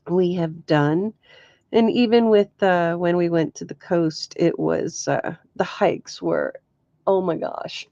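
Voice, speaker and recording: Middle-aged woman just chatting, slow and easy, laughs a lot, kinda muffled dry sound. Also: lowish voice, darkish tone, no room sound. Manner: chatty storytelling with frequent laughs and "oh my gosh". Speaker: crafts vlogger. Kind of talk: casual chat.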